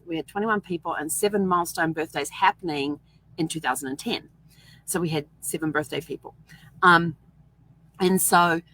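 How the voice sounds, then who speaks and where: A middle-aged woman with a fairly low voice tells a story in a casual, chatty vlog. She laughs often as she talks. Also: a bit bright, rough recording. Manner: chatty, laughs often while telling stories. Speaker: vlog host.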